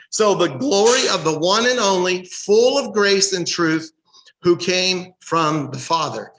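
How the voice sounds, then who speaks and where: An American man teaches a Bible study like a sermon, emphatic and fond of rhetorical questions. His voice sits high for a man. It echoes around a roomy church hall. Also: a bit bright. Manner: emphatic, reads scripture aloud and asks rhetorical questions. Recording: echoey room.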